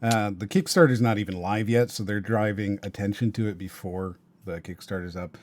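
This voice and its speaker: A man's voice: on the low side, moderate pace, darkish tone. A man hosting a casual podcast chat who laughs easily and keeps steering the talk along.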